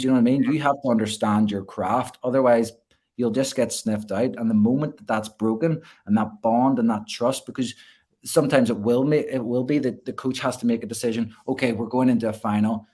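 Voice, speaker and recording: A man's voice: medium pitch, fairly quick, warm tone, breathy edge. A man, a gymnastics coach, talking earnestly as a guest in a casual interview, often repeating words as he restarts.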